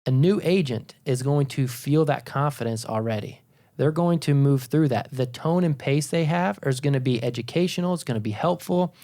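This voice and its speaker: A man's voice: medium pitch, normal speed, dark tone. A man co-hosting a sales podcast, explaining things in an emphatic, instructive way. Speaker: podcast co-host and sales trainer. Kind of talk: podcast discussion.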